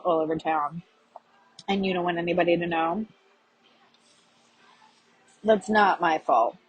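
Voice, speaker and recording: Woman podcast host, very breathy and raspy, lowish voice; halting confessional monologue full of fillers, chewing a mint. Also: rough recording.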